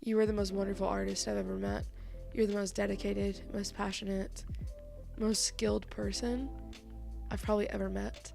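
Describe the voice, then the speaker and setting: A woman's voice: mid-range voice, flat delivery, moderate pace, creaky, dark tone, faint music behind. A young woman giving a heartfelt, teary message to her best friend and co-host, laughing and swearing casually. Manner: emotional, laughing through tears, casual swearing.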